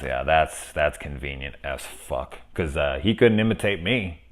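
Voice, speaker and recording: A man casually talking through a spoiler film review, rambling and profane, with animated asides. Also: deep voice.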